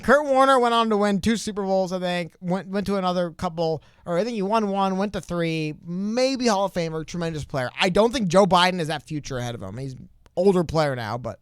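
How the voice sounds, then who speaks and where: A man co-hosting a casual political podcast, talking in a rambling, animated way with many asides and restarts. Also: sits high, fairly quick, clean tone, no room sound, clean studio sound. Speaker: podcast co-host.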